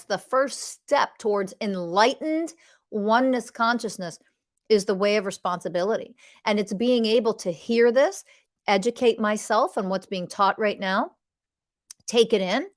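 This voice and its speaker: A woman hosting a podcast who teaches about relationships in an impassioned monologue, blunt and emphatic, swearing freely and acting out what partners say. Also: medium pitch.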